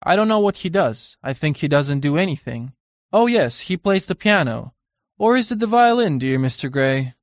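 A man voicing a chattering society hostess in an audiobook reading, pitched high and flitting vaguely from thought to thought. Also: expressive, normal speed, no echo, clean studio sound. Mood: gushing.

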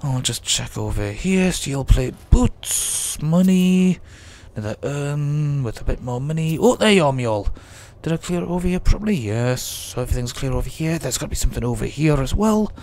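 Male let's-player with a sore throat, rambling, keeps wandering, slightly high voice. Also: animated, moderate pace, a little mellow. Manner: rambling, chatty, mock-grumbling at the game; drifting in and out of put-on accents. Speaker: let's play gamer. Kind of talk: casual gameplay commentary.

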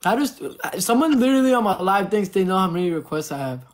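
High-voiced young man streaming live. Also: big pitch swings. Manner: fast promotional shout-outs to viewers. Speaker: livestreamer. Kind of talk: casual livestream chat.

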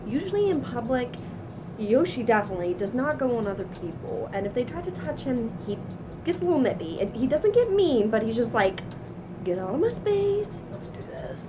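A woman's voice: fairly high pitch, noisy background. A young woman vlogger chatting casually to camera in a self-mocking way. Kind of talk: casual vlog chat.

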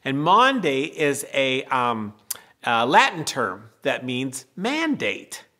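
A middle-aged pastor reading a Bible story and giving a children's message, explaining simply and gently. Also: male voice, medium pitch, huge pitch swings, slow pace.

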